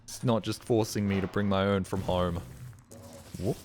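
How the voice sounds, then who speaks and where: A man streaming a game live, muttering sarcastic commentary and breaking into excited outbursts. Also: sits low, normal speed, a little hiss or hum.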